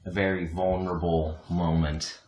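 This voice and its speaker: A man's voice: low-pitched, level tone, normal speed, a little mellow, a little hiss or hum. A man co-hosting a podcast, telling a long self-mocking story in a rambling, casual way and laughing often. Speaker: podcast co-host. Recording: echoey room.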